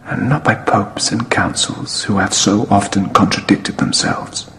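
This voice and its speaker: An actor playing a defiant male reformer on trial, declaring his stand slowly and solemnly, heard from a film clip played in a reverberant hall. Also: fairly low pitch, fairly even intonation, fairly bright tone, slight background noise. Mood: solemn defiance. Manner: slow, solemn, deliberate declaration.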